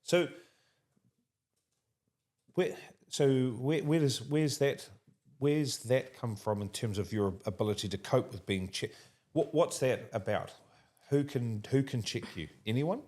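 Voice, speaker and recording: A man with a New Zealand accent interviewing a guest in a casual, animated way, laughing often and restarting his sentences. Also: medium pitch, a little slow.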